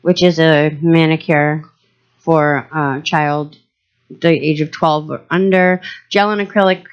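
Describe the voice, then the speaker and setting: Low-voiced woman co-hosting a podcast. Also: steady tone, slow, clear, resonant tone, dull audio. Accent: Boston. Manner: laid-back, chatty, plugging her nail business. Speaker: co-host. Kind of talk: casual podcast chat.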